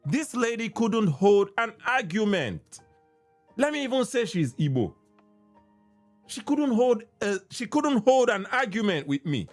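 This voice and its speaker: Nigerian guy on his podcast going off, high voice, says stuff twice, bit of music low behind. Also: sing-song, unhurried. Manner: ranting, repeats phrases, mixes in Pidgin. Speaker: podcast host. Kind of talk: impassioned solo commentary.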